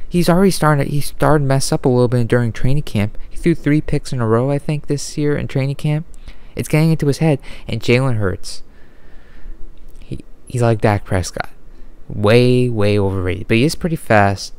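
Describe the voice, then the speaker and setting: A man's voice: medium pitch, moderate pace, a little mellow, clean tone. A man ranting unscripted at home late at night, frustrated and rambling, often stopping to restart his sentences. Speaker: sports vlogger. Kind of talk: unscripted rant.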